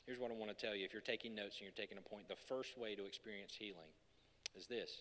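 Male pastor, sermon at a podium, casual and joking, then emphatic; bright voice, long hall reverb. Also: on the low side, fast talker, slight background noise. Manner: conversational and joking, building to emphatic peaks. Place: church hall.

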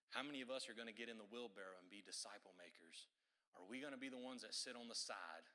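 A man preaching a sermon, telling a story with joking asides and animated delivery. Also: on the low side, fast.

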